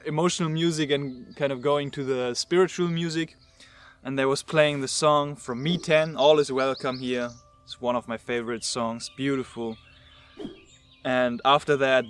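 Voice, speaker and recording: A man telling a personal story to camera, halting and earnest, repeating words as he searches for them. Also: a little high, fairly bright tone, a little hiss or hum. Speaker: vlogger.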